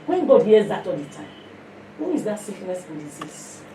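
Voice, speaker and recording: A woman with a Nigerian accent preaching a sermon to a fellowship, passionate and emphatic, swinging between loud and hushed. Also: mid-range voice, very animated, normal speed, echoey room, far from the mic, a little hiss or hum.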